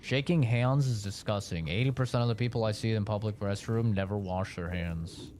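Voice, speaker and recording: A man's voice: lowish voice, a little fast, darkish tone. A man, a streamer chatting casually with viewers, rambling and swearing freely, with faint background noise. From United States.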